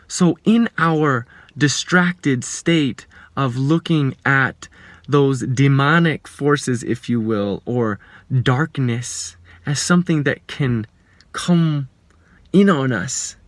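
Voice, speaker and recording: A man, a life coach, giving a reflective spiritual talk, earnest and measured, asking rhetorical questions and sometimes dropping to a hushed whisper. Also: medium pitch, dry recording.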